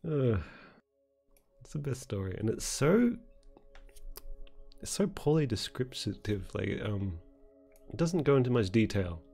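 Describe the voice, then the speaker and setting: A man's voice: mid-range voice, big pitch swings, measured pace, creaky, pauses often, warm tone, soft background music. A male streamer chatting casually in a rambling, amused, sarcastic way. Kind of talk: casual chat while streaming.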